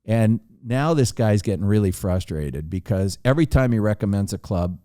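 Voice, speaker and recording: A man's voice: lowish voice, lively intonation, normal speed, mellow, no room sound, clean studio sound. A man telling a long anecdote on a podcast, acting out the dialogue with animation. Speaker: podcast guest storyteller.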